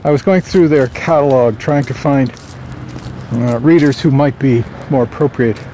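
A man's voice: medium pitch, normal speed, dark tone, a little hiss or hum. A man vlogging casually outdoors as an author, musing aloud in a rambling way with lots of fillers and restarts. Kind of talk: casual morning vlog.

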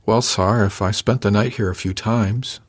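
A man voicing a young female crew member who speaks softly and hesitantly, sliding into desperate pleading. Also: fairly low pitch, steady tone, normal speed, close to an everyday voice. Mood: soft, nervous.

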